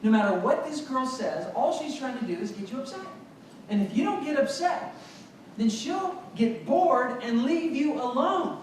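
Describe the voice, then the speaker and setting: A man gives an animated, lively school assembly talk, getting the children to call words back to him. He is heard from far off in a very echoey hall. Steady background noise runs under his voice. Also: very high-pitched, normal speed. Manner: energetic, call-and-response with children. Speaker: motivational speaker. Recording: echoey hall recorded from afar, noisy. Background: children in audience.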